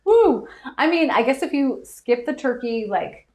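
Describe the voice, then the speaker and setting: A woman's voice: high-pitched, very animated, unhurried, darkish tone, reverberant. Bubbly woman hosting live trivia. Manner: bubbly, laughs often, reads viewer answers aloud. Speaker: host of a live trivia stream. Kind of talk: casual live-stream chat.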